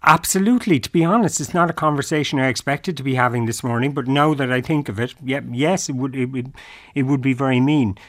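A man's voice: mid-range voice, fast, a bit bright, dry recording, studio quality. A man hosting a radio interview, asking teasing, conversational questions. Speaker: radio host.

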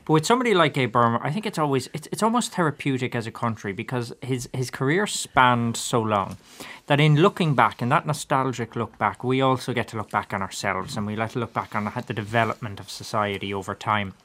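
A man's voice: mid-range voice, fairly bright tone. A man, a guest on a radio panel, speaking reflectively. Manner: reflective, quick.

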